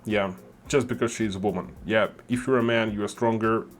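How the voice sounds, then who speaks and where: A man in his thirties from Russia with a Russian accent, hosting a reaction video and talking it through slowly with many fillers. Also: on the low side, steady tone, slight background noise. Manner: thoughtful, hesitant, many fillers. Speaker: reaction channel host. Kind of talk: reaction commentary.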